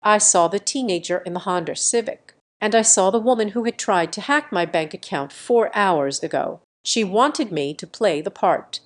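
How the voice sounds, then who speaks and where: A woman's voice: mid-range voice, animated, normal speed, hardly any pauses. Woman narrating a revenge story. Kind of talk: scripted first-person story narration.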